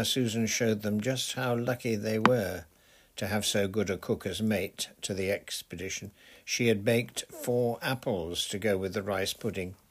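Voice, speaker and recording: A man narrating a children's adventure novel in a steady, measured storytelling voice. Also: on the low side. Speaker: audiobook narrator. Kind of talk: scripted narration.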